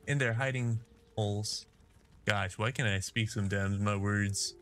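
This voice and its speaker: A man's voice: fairly low pitch, fairly even intonation, unhurried, fairly bright tone. A man giving casual, jokey, self-deprecating commentary while playing a video game. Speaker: gameplay streamer. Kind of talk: casual let's-play commentary.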